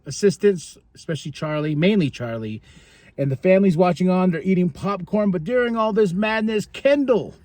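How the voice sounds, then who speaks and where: A fairly high-voiced man chats through a casual podcast recap, excitable and quick to laugh. He acts out quotes as he goes. The sound is dry and close to the mic. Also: no room sound. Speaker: podcast host.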